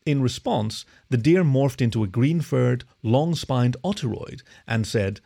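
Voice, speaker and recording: A man reading a story aloud as narrator, in an expressive, animated way. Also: medium pitch, a little slow, gravelly, few pauses. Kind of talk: scripted narration.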